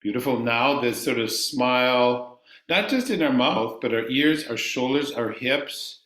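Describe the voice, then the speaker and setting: A man teaching a chanting class, calmly explaining ideas and singing long vowels for his students to repeat. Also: medium pitch, unhurried, echoey room.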